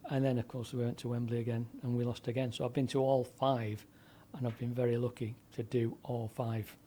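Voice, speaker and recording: This is conversational storytelling from a former broadcaster and DJ in his seventies, who wanders through lengthy anecdotes with plenty of fillers and false starts. He speaks a little fast, with a warm, medium-pitched voice that barely rises or falls, over a faint hiss or hum.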